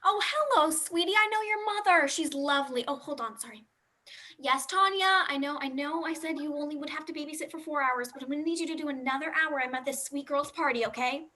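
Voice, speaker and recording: A woman's voice: high voice, a little fast, sharp tone. Woman playing a frazzled phone-bound mom. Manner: scolding, distracted. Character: frazzled single mom guest, always on the phone. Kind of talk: improv comedy.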